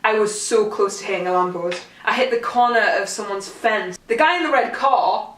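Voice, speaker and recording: Recorded from a distance in a room at home, the sound is roomy. A young woman with a medium-pitched, slightly bright voice chats to camera at a normal speed, spinning a rambling storytime that pokes fun at herself.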